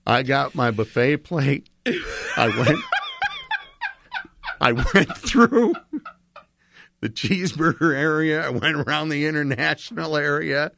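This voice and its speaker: A man's voice: a little high, slow, vocal fry, pauses often, sharp tone. A man telling a long, rambling personal travel story in casual chat, with lots of restarts.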